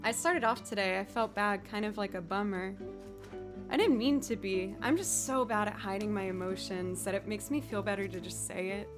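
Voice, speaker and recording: A young woman musician chatting casually with her livestream viewers, upbeat and quick to laugh, her voice a little scratchy. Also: medium pitch, music in the background.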